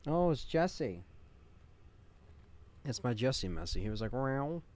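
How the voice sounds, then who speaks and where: Man, low voice, casual gameplay streamer, excitable, swears a lot. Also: fast talker. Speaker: live streamer. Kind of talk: casual live gameplay chat.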